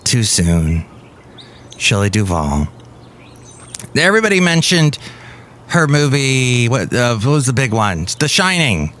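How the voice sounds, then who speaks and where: A male podcast host runs through the news in a comedic monologue, breaking off for puns and silly asides. His voice is mid-pitched and ordinary, and faint noise hums underneath. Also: very animated, measured pace, pauses often, a bit bright. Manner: goofy, punning, playful asides.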